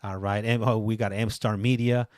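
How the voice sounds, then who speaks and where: Brief: male host, relaxed, halting, dry close mic. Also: fairly low pitch, dry recording. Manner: laid-back, laughs often, halting with fillers. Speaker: podcast host reading live chat. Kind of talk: casual live-stream chat.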